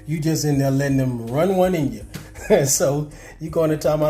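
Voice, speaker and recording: A man's voice: on the high side, moderate pace, mellow, faint music behind. Emphatic man hosting a call. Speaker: channel host. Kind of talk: casual call recording.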